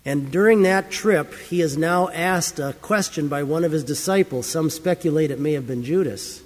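A man with a slightly raised pitch delivers a sermon as pastor. He tells stories earnestly and leans hard on key words. The sound carries a long reverb, as if filling a large church hall. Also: moderate pace. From United States. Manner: earnest, storytelling preacher with emphatic rises. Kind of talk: scripture reading and sermon.

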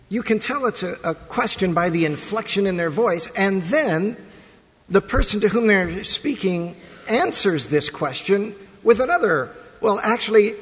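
A male pastor giving a sermon in a conversational way, pausing and restarting his phrases. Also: high-pitched, a bit bright. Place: church sanctuary. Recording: long church reverb.

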